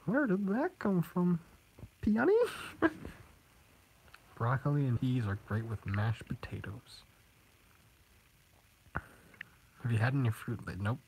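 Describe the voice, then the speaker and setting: A man's voice: mid-range voice, background noise. A teenage boy streaming live, chatting casually with viewers and rambling with frequent giggles. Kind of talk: casual live-stream chat reading comments.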